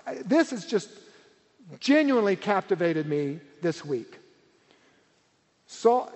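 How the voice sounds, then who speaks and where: A man's voice: sits high, a little mellow. A man preaching a sermon as pastor, earnest and emphatic, repeating key words for weight. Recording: reverberant hall.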